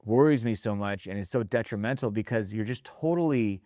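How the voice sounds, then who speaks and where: A man talking casually in a podcast conversation, telling animated stories, acting out quotes and tagging his points with "right?", with some mild swearing. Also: fairly low pitch, a little fast, no room sound, studio quality. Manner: animated storyteller, acts out quotes, tags lines with "right?". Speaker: restaurant leadership founder and host.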